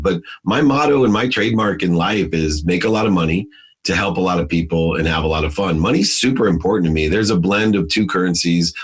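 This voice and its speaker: Low husky guy talking intense and motivational in an interview. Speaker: guest. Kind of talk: conversational interview storytelling.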